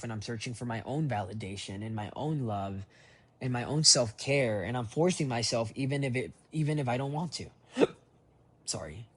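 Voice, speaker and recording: A man's voice: medium pitch, slightly rough. A young man recording a rambling, reflective voice memo diary on his phone, full of fillers and restarts. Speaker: voice diary keeper.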